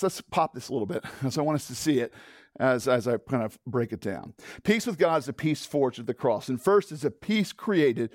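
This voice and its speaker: Animated high-voiced male pastor. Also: dry recording, studio quality. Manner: animated, with frequent restarts and repeated words; rhetorical questions to the congregation. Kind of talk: sermon.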